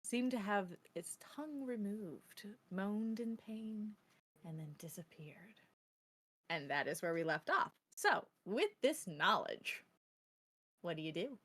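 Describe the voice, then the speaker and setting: A woman narrating as game master of a tabletop game, setting scenes at a slow, deliberate pace. Her pitch sits in the middle range and her delivery stays measured. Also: animated, fairly bright tone, breathy edge.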